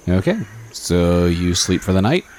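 A man acting as game master of a tabletop game, wrapping up the session in quick, offhand narration. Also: sits low, sing-song, darkish tone, slight background noise.

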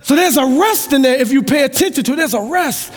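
A male pastor preaching a sermon with passion, dropping to a hush and rising to shouts, sometimes half-singing his lines. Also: extremely high pitch, expressive, fast talker. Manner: impassioned preaching, swings from hushed to shouting, half-sung lines. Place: church sanctuary. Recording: long hall reverb.

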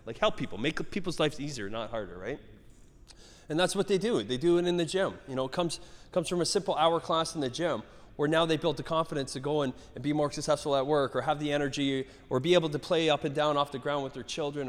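A middle-aged man from Canada, a gym owner chatting in an interview, rambling and swearing with lots of restarts. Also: medium pitch. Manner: rambling, profane, animated storytelling with many restarts. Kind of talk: casual interview chat. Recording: echoey hall reverb.

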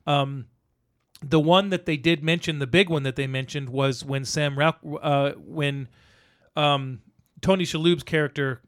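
Rambling, animated male podcast host. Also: fairly high pitch, a little slow, clear, resonant tone. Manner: rambling, animated storyteller, acts out quotes. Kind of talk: casual movie chat.

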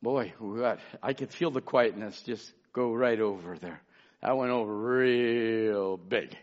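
A man preaching a sermon as pastor, swinging between emphatic shouts and hushed asides and calling out listeners by name. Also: lowish voice, a little slow. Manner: calls out congregation members by name. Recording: dull lo-fi sermon recording.

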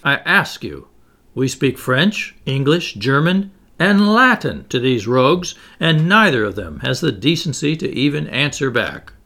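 A hot-tempered sailor who blusters and shouts his complaints, as a male reader puts him on. His voice is gravelly, and it leaps up and down as he rants. He cannot hide his indignation. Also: fairly high pitch, sing-song, moderate pace, few pauses, full character voice. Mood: indignant. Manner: loud, indignant outbursts.

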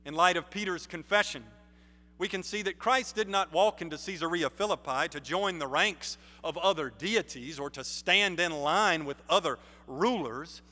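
A man preaching a sermon in a measured, emphatic way, building stress on key phrases. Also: a little high, sharp tone. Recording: long reverb of a large hall.

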